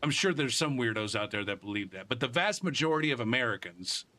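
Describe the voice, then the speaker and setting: A man's voice: mid-range voice, lively intonation, fast talker, pushed and bright. A man streaming a game live, chatting casually in a rambling, profane way with many restarts.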